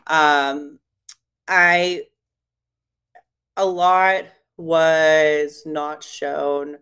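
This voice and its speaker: A young woman, a guest in a casual chat, telling stories and quoting herself in lively voices. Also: low voice, drawn-out words, clean tone. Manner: chatty storytelling, quotes herself in lively voices.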